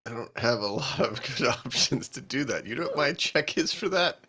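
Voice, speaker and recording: A man's voice: medium pitch, animated, moderate pace, pushed and bright, breathy edge. A man talking as a player in a tabletop game, wryly thinking aloud about his options. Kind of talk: casual tabletop game play.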